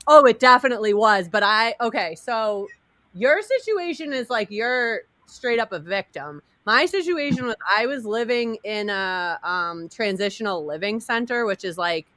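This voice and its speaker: Bright, animated woman telling a story. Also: fairly high pitch, normal speed, no echo. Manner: animated, laughing often, acting out quotes. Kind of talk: casual storytelling chat.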